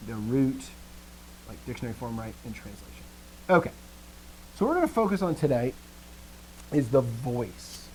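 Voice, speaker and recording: A man's voice: medium pitch, moderate pace, pauses often, slight background noise, rough recording. A man teaching a live grammar lesson, asking the class questions and restarting his sentences as he thinks. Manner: lively, asks questions and answers himself.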